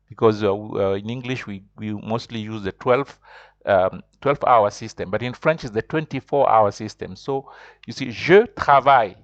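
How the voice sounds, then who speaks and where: A man's voice: fairly low pitch, creaky, dry recording, highs cut off. A man teaching a beginners' French lesson online, explaining step by step and repeating himself often.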